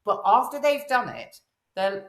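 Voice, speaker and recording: A woman, a voice and presence coach, chatting as an interview guest and telling animated stories in which she acts out the voices of the people she quotes. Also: mid-range voice, a little slow, roomy sound. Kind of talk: casual interview chat.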